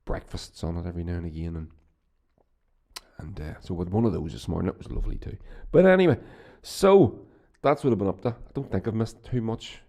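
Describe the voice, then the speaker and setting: Low-voiced Northern Irish man rambling. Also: fairly quick, gravelly, darkish tone. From Northern Ireland. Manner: rambling and profane, with many restarts. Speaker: podcast host. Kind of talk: casual solo podcast chat.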